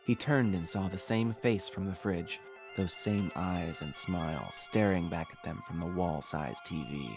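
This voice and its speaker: A man's voice: low-pitched, unhurried. A man hosting a horror podcast, reading a scripted horror-comedy story in a theatrical voice that relishes the gory, comic details. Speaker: horror podcast host and narrator. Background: background music.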